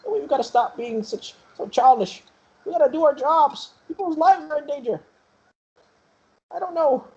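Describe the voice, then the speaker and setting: A woman's voice: high-pitched, a little mellow, highs cut off, natural voice. A woman voicing a frightened, grieving young soldier who stammers and halts. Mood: scared. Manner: halting, stammering, fearful.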